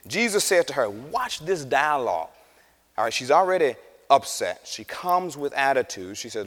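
Man preaching a sermon, lively pitch, conversational, echoey church hall. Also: moderate pace. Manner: animated, conversational, asks the audience questions.

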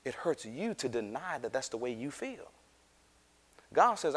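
A man's voice: medium pitch, big pitch swings, unhurried, long pauses, long reverb tail. A male preacher giving a conversational sermon, often asking the audience questions.

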